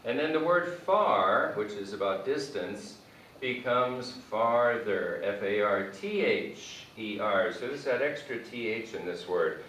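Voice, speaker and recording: A male English teacher giving a grammar lesson at a slow, deliberate pace. He spells words out letter by letter and repeats each example as he writes it on a board. His voice comes from a distance in a very echoey room, with faint noise underneath. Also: on the low side, lively intonation, a bit bright. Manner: repeats example sentences while writing on a board.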